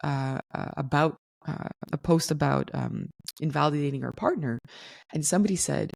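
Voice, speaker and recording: A woman hosting a solo podcast, explaining things in a calm, teaching tone. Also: low-pitched, moderate pace, vocal fry, no echo, clean studio sound. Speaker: podcast host.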